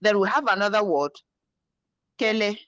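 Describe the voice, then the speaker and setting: A teacher from Nigeria giving an online language lesson over a video call, patiently repeating each word slowly. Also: mid-range voice, a bit bright, dry recording, dull audio.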